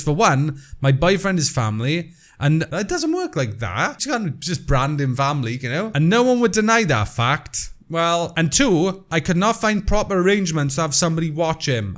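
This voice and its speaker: A man reads online posts aloud in a casual, jokey way and breaks off for sarcastic asides. His voice sits a little high for a man and swings widely in pitch, so the delivery keeps bouncing. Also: a bit bright. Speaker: host reading posts.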